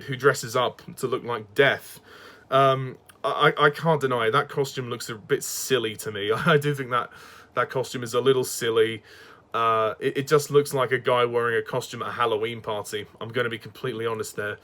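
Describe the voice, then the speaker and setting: A man's voice: medium pitch, steady tone, normal speed, sharp tone. A man giving a casual spoken review, hesitant and repeating words, with frequent chuckles.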